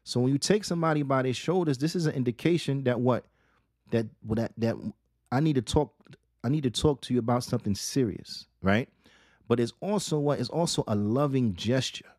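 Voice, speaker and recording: A man giving a religious lesson, asking rhetorical questions, repeating key phrases and reading Arabic quotations quickly. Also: mid-range voice, a little mellow, no echo, studio quality. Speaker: Islamic teacher.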